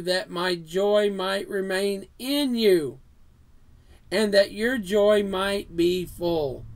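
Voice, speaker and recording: Male preacher, high voice, unhurried delivery, earnest sermon with scripture reading. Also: vocal fry. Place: house of worship.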